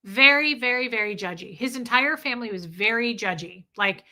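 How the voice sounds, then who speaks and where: A middle-aged woman hosts a casual livestream, talking bluntly, swearing freely and reading viewer comments aloud. Her voice sits on the high side, bright and forceful, with lively intonation at a moderate pace.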